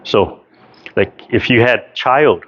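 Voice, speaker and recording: A man's voice: mid-range voice, slow pace, a bit bright. A man teaching a tai chi class over a video call, explaining carefully and checking in with "right?" after almost every point. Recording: dull lo-fi video call audio.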